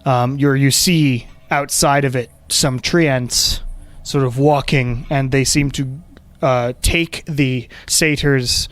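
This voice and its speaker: A man's voice: medium pitch, dry recording. A man narrating a tabletop game as game master, casual with many fillers.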